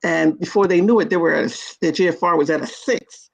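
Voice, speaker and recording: A woman's voice: lowish voice, fast, gravelly. A woman telling her own story as an interview guest, earnest and emotional, acting out her past words. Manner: earnest, retells her own quoted words with rising intensity. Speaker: guest sharing her kidney disease story.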